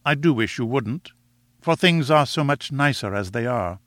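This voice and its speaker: A man reading aloud voices a proud, composed young woman who gently reproves and reasons with her suitor. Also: mid-range voice, lively intonation, normal speed, no echo, lightly acted.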